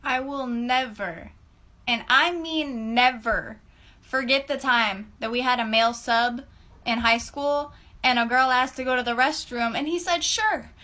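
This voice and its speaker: A woman with a high, bright, sharp voice tells a school story with emphatic, animated delivery. She leans hard on key words. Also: normal speed. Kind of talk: casual storytime.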